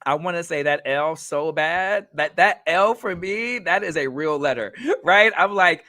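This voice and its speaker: A man's voice: fairly high pitch, lively intonation, moderate pace, sharp tone, no echo, studio quality. A man hosting a talk show, explaining terms in a casual, chatty way with many fillers and self-corrections. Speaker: host.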